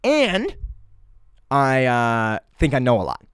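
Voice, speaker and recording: A young man hosting his own podcast, talking loudly and fast in a rambling way, full of restarts and swearing, straight to a camera. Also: mid-range voice, wildly swooping pitch, clean tone, no room sound, studio quality. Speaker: podcast host. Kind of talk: casual solo podcast monologue. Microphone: camera mic.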